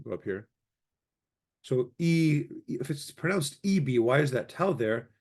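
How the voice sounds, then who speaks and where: A man teaching a casual grammar lesson. He explains in a relaxed way and slowly repeats each word form. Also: mid-range voice. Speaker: language teacher.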